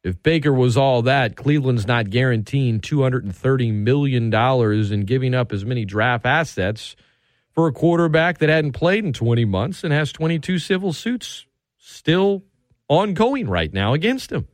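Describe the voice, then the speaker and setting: A man hosting sports talk radio from a studio, ranting with heated sarcasm and sharp emphasis. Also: medium pitch, animated, moderate pace, no echo.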